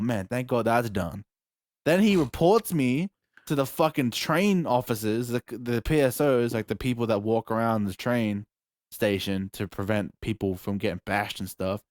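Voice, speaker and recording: A young Australian man, a podcast host, telling a story in casual chat, animated and profane, acting out moments with yelps. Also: mid-range voice, no room sound, clean studio sound. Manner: animated, profane, acts out scenes with yelps and shouts.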